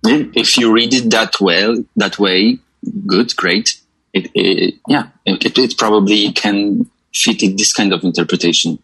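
A man's voice: fairly low pitch, unhurried, gravelly, a bit bright, breathy edge, low-quality recording. A young Polish man, a film director, answering in English with a Polish accent, hesitant and full of uhs and repeated words.

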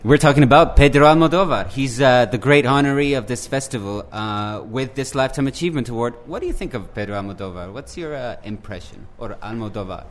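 A man's voice: medium pitch, expressive, fast, hardly any pauses. A man co-hosting from a hot room at a film festival, leading an improvised, teasing chat about films. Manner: upbeat, teasing, leads the segments.

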